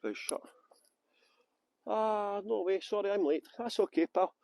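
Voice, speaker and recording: A Scottish tour guide films himself on a handheld phone during a live walking tour of outdoor gardens, joking and teasing his viewers with facetious banter. His voice sits high and a little slow, creaky yet somewhat mellow. The recording is dry.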